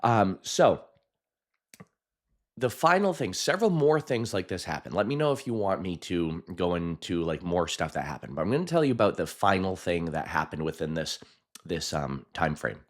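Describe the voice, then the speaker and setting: A man, a hypnotist, telling a personal story in a chatty, animated way, with frequent laughs and fillers. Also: sits low, moderate pace. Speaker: hypnotist and video host.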